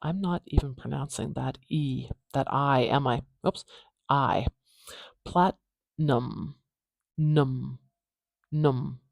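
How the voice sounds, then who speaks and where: A phonetics teacher giving a pronunciation lesson, repeating words slowly to demonstrate each sound, with pauses and fillers. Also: medium pitch, darkish tone, dry recording.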